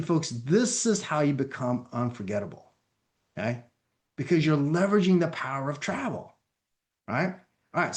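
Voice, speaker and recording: A man giving an energetic training presentation as a company founder, talking directly to his audience. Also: a little high. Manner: energetic, addresses audience as folks.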